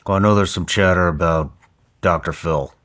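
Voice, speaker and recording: A man's voice: low voice, normal speed, a bit bright. A man hosting an interview who asks short, direct questions. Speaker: podcast host.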